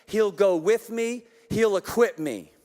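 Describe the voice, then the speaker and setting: Man, pastor, passionate sermon, call-and-response, high voice, long church reverb. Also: takes it slowly, darkish tone. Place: large church auditorium. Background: congregation in the room.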